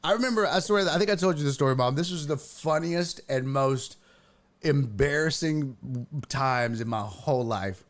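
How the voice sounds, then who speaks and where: A man, hosting a podcast and telling a family story in an animated, exaggerated way. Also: a little high, moderate pace. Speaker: podcast host. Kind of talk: casual storytelling.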